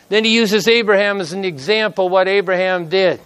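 A man's voice: sits high, a little fast, hardly any pauses, a bit bright, clean tone. A middle-aged man preaching a sermon, telling a personal story with emotion and reading scripture aloud in an earnest way.

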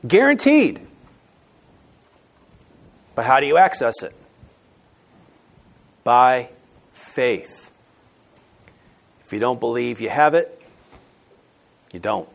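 Male pastor delivering a sermon, lively pitch, punchy stresses and soft asides. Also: takes it slowly, creaky, long pauses. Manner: emphatic, swings between loud stresses and quiet asides.

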